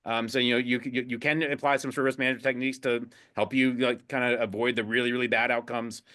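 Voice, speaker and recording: Fast, bright-voiced investment guest. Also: male voice, medium pitch, little pitch movement. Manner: halting, many restarts and fillers. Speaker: guest, chief investment officer. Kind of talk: casual interview talk.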